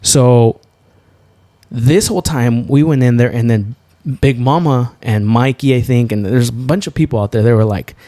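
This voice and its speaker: A young man co-hosting a podcast, telling a story in a loose, profane way and jumping up high when he gets excited. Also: normal speed, dry recording. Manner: animated, profane, swings to high laughing exclaims. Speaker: podcast co-host. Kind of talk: storytelling in casual chat.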